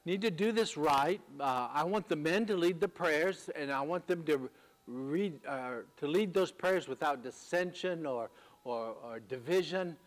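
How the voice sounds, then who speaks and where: Male pastor, sermon, slightly high voice, measured teaching, fillers and restarts. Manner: measured teaching with frequent uh fillers and repeated words.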